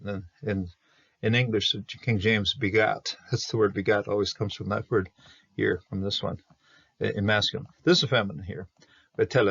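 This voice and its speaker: A man with a low, gravelly voice walks through Hebrew grammar verse by verse, halting often with fillers and restarts. The recording is dry and muffled, with a dull top end. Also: dry recording. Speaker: Bible Hebrew teacher.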